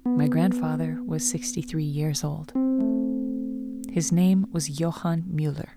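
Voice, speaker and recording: A woman telling a scripted story as narrator, in a slow, solemn way. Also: low-pitched, fairly even intonation, vocal fry, loud music behind the voice.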